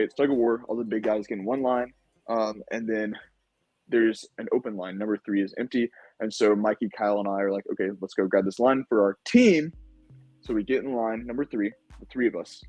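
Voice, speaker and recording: A young man, a podcast guest, casually recounting a game-show experience in an animated way, with lots of fillers. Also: medium pitch, breathy edge, no echo, highs cut off. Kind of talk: casual storytelling.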